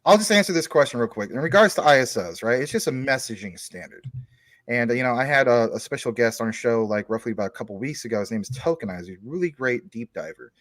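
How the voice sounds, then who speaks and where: A man's voice: mid-range voice, animated, fast, fairly bright tone, dry recording, clean studio sound. A man talking as a guest on a casual chat show, explaining things at length through long everyday analogies.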